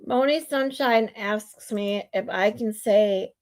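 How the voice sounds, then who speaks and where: Slow, musing woman streamer. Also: mid-range voice, a little mellow. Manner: musing aloud, slow, playful word practice. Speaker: streamer host. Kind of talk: casual livestream chat.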